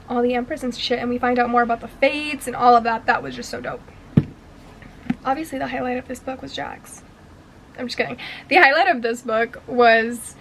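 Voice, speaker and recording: A woman's voice: on the high side, poor audio. A young woman giving a casual book review in a gushing, slangy, profane way. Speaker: book vlogger.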